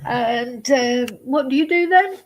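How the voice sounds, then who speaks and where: This middle-aged true crime streamer talks slowly in a high-sitting voice, upset and tearful, punctuating her casual live-stream chat with swearing and nervous laughter. The low-quality recording carries a little hiss or hum.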